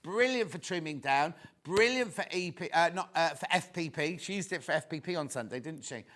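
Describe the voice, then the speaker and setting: A man presenting on a TV shopping channel, chatting excitedly and tossing quick asides to viewers and crew. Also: fairly high pitch. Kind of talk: live TV selling chat.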